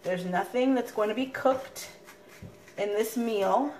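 A woman's voice: a little high, slow, a little mellow, slight background noise. Chatty woman vlogging in her kitchen. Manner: chatty, thrifty price talk with fillers. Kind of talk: casual cooking vlog. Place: home kitchen.

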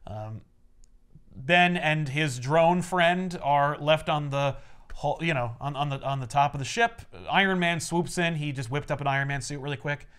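A man's voice: on the high side, moderate pace, fairly bright tone, clean tone. A man co-hosting a podcast, casually recapping a comic with rambling filler-heavy narration and wry asides.

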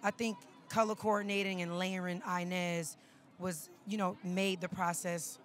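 A woman's voice: lowish voice, little pitch movement, normal speed. Chatty, laughing woman red carpet guest. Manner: chatty, laughing, loose storytelling. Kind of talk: casual red carpet chat.

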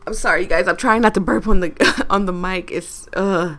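A woman's voice: mid-range voice, normal speed, hardly any pauses, fairly bright tone, faint music behind. A young woman hosting a gaming video, making giggly, self-mocking asides between the lines she reads. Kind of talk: casual gameplay commentary.

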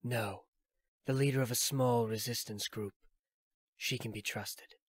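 A man voicing a cold, detached young male warrior who speaks quietly and without emotion in an audiobook. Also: mid-range voice, steady tone, a little slow, breathy edge, dry recording, studio quality. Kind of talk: audiobook character reading.

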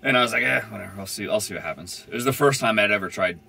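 A man's voice: on the low side, animated, racing, gravelly, pushed and bright, slight background noise. A young man telling a van-life story in a casual, rambling way, full of fillers and swearing. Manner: rambling, laid-back, swears freely, many "like" fillers.

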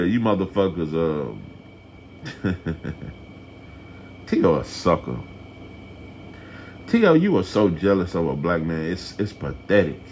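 A man's voice: fairly low pitch, slight background noise. A man giving a blunt, profane, rambling boxing rant to camera. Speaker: boxing commentator. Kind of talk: casual opinion rant to camera.

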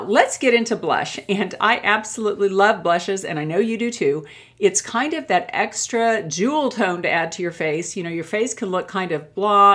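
An older woman chatting to camera as a beauty vlogger, gushing as she reviews products she loves. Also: mid-range voice. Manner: warm and gushing, with many admiring exclamations.

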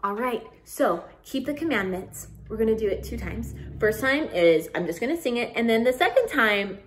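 A young woman leading children's singing time, speaking gently and encouragingly between songs. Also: on the high side. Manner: gentle, encouraging, sings along. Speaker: children's music leader.

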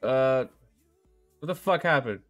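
A man's voice: medium pitch, animated, a little slow, faint music behind. A young man live-streaming a game, chatting casually with viewers, swearing often, rambling and laughing.

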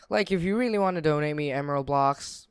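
A young man casually commentating his own gameplay, excitable and quick to exclaim and laugh. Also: fairly high pitch, clean tone, no room sound, studio quality. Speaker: gaming channel host.

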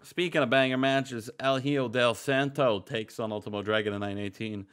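A man's voice: mid-range voice, normal speed, few pauses, fairly bright tone, clean tone. A young man co-hosting a video game show, narrating match results and joking with his partner. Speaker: game co-host. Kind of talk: let's-play commentary.

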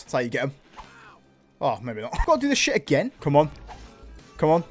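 Excitable man, high animated voice. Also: fairly quick, pauses often, faint music behind. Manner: excitable, loud, swears a lot, jokey running banter. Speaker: gaming YouTuber. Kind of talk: let's-play commentary.

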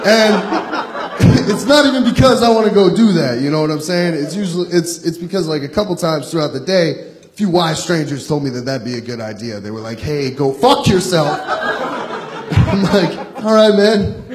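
A young man from Long Island works a comedy club crowd with a profane, self-deprecating set. His voice sits high, and he laughs at his own lines. The room rings, and the audience roars with laughter around him. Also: expressive, normal speed, reverberant. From Long Island, New York. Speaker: stand-up comic.

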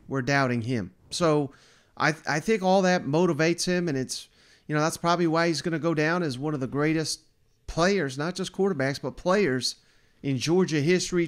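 A man co-hosting a casual college football podcast, poking fun at his own bad predictions. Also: a little high. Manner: self-deprecating, animated storyteller. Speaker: podcast co-host. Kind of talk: casual sports chat.

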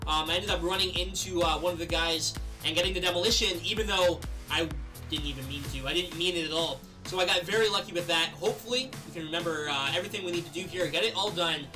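A young man giving live commentary over his own gameplay, chatting casually and then yelling and laughing at big plays. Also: a little high, fast, over music. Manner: excitable, yells and laughs at plays. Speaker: gaming video creator.

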